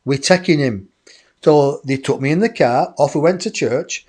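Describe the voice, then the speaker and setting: A man, a guest in an interview, telling a personal story in a lively way and acting out other people's voices. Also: on the high side, normal speed, breathy edge. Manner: animated, acts out others' voices.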